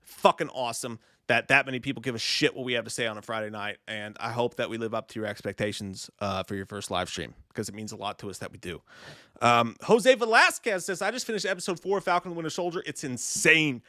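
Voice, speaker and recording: A man's voice: lowish voice, lively intonation, a little fast, pushed and bright, no room sound, studio quality. A man hosting a casual live stream, reading viewer messages in a profane, laid-back way. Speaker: host.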